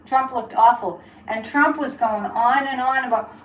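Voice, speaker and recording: Woman, psychic live-streamer, chatty and rambling, fairly high voice, echoey room. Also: unhurried. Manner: chatty, laughing, rambling asides to chat. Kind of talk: live-stream tarot reading and chat. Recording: echoey room, faint background hiss.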